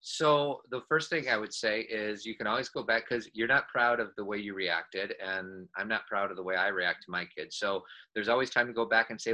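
A man's voice: lowish voice, fairly even intonation, moderate pace, sharp tone, poor audio. A man co-hosting a podcast, giving reassuring parenting advice to a caller in a casual coaching manner. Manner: reassuring, coaching, speaks in restarts.

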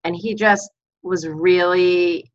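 A woman's voice: on the low side, fairly even intonation, slow, lo-fi sound. A middle-aged woman calling in as a mother, telling a personal story in a candid, self-critical way. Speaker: caller, mother of a teenager.

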